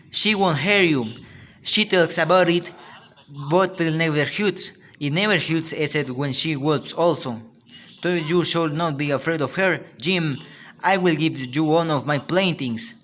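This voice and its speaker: A clever, scheming young boy, as a man with a Spanish accent puts him on in a storybook read-aloud. The voice sits higher and louder than the reader's own and stays emphatic. The reading is halting, with stumbles. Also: slight background noise. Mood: pleading.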